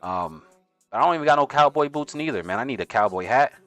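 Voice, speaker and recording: A man's voice: mid-range voice, expressive, a little fast, fairly bright tone, dry recording. A man with a New York accent, hosting a casual day-trading livestream, talking in loose slang and getting hyped. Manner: hyped, slangy, sings along to music. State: out of breath. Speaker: livestream host, day trader. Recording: faint music playing behind.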